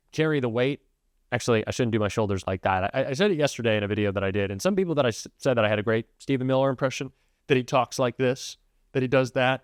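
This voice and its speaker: A man's voice: medium pitch, dry recording, studio quality. A man giving political commentary in a sarcastic, scornful rant.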